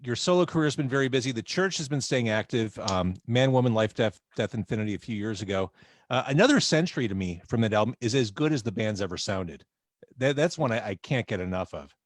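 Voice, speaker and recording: A man's voice: mid-range voice, expressive, fast, no room sound, clean studio sound. Enthusiastic male podcast host. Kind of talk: casual interview questions.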